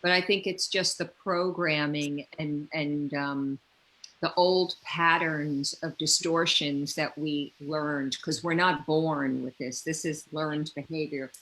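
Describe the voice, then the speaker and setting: A woman with a lowish, bright and forceful voice, the guest in a spiritual conversation. She talks gently and from the heart, rambling a little and circling back on her words. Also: fairly even intonation, slow pace, low-quality recording.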